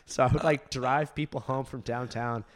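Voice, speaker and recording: A young man from Southern California tells a long, rambling story in relaxed podcast chat. He laughs through his lines, leans on filler words and swears freely. His voice sits at a middle pitch. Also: normal speed. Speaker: comedian podcast co-host.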